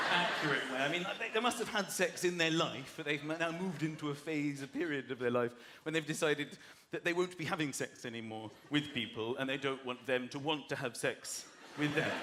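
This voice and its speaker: A man with a southern English accent performing a stand-up comedy routine, animated and slipping into quick voices for the people he describes. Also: fairly high pitch, background noise. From southern England. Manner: animated, acts out characters in quick put-on voices. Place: large live comedy venue. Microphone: stage microphone. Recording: live stage mic in an echoey venue with a roaring crowd.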